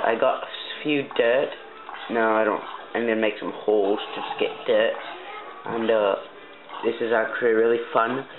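Young man, put-on british accent, lowish voice, slow halting talk, tinny phone-like mic. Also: a little hiss or hum. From Canada. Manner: hesitant, rambling, full of ums; panicky yelps when chased in game. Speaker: gaming commentator. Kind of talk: let's-play commentary.

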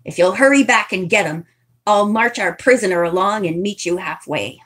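A woman's voice: medium pitch, moderate pace, a bit bright, breathy edge. A woman reading as a blunt old trapper. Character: gruff old male trapper. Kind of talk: storybook read-aloud.

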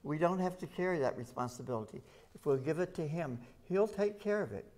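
A man's voice: on the high side, expressive, brisk, a little mellow. A man preaching an evening sermon at a rescue mission, talking plainly to the congregation and reading scripture aloud with rising emphasis.

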